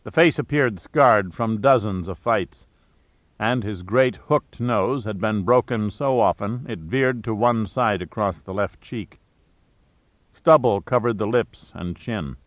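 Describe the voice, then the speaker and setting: A man reading an audiobook in steady, scripted narration. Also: on the low side, measured pace, no echo. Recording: dry, slightly dull audio.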